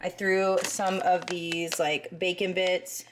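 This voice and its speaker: A woman's voice: on the low side, flat delivery, slow pace, a little hiss or hum. A woman chatting in a casual voice-over about her cleaning routine, rambling with asides and short of breath. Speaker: cleaning vlogger.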